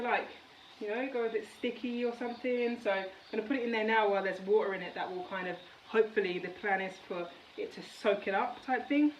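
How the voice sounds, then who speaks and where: A woman's voice: mid-range voice, slight background noise. A woman from the United Kingdom chatting casually in a cooking vlog from her home kitchen, rambling with many fillers. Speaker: vlogger. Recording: roomy kitchen, mic at a distance, faint background.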